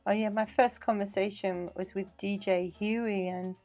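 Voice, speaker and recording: Middle-aged English woman, dance teacher guest, animated storyteller. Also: medium pitch, moderate pace, soft background music. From England. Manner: chatty, animated anecdotes. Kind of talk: casual interview storytelling.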